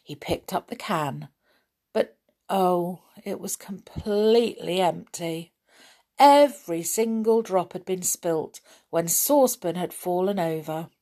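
A woman's voice: fairly low pitch, slow, mellow. A woman reading a children's story aloud, chatting to young listeners in a sing-song way.

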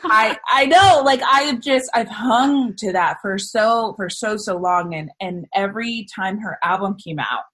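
Chatty husky woman, podcast guest. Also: mid-range voice, a little slow, hardly any pauses, fairly bright tone. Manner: gushing, chatty, with frequent laughs and fillers. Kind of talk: casual podcast conversation.

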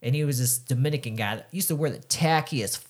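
A man's voice: medium pitch, fast talker. A young man co-hosting a podcast, telling rowdy stories in casual chat, swearing freely and acting out the people in them. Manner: profane, animated, acts out quoted voices. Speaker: podcast co-host.

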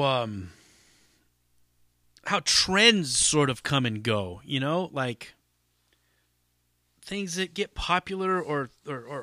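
A man's voice: fairly high pitch, bright, forceful tone, no room sound, clean studio sound. A man hosting a solo podcast in a casual, rambling, profane way with lots of fillers. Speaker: podcast host.

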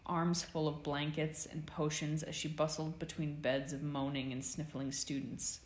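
A woman narrating a fan fiction audiobook with a slow, measured reading. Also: low-pitched, steady tone, reverberant.

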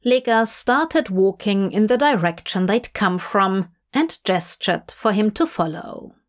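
A woman narrating a fan audiobook in a measured storytelling voice. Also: medium pitch, lively intonation.

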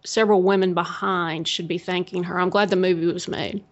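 A woman with a Minnesota accent, co-hosting a podcast in casual chat and getting animated when she quotes herself. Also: on the low side, brisk. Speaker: podcast co-host. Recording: slightly dull lo-fi audio.

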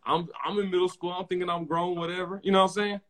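A young man hosting a casual podcast, talking in slang and telling animated stories with lots of repeated phrases. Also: high voice, fast talker, slight background noise. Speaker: podcast host.

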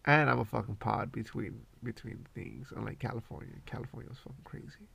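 A man's voice: mid-range voice, a little fast, gravelly, hardly any pauses, a bit bright. A man hosting a podcast, rambling casually and swearing constantly in a laid-back way. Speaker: podcast host.

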